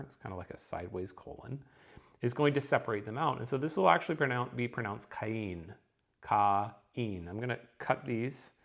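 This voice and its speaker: Guy explaining a lesson at a steady mid pitch, lots of ums and okays. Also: vocal fry. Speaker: teacher. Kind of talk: recorded lesson.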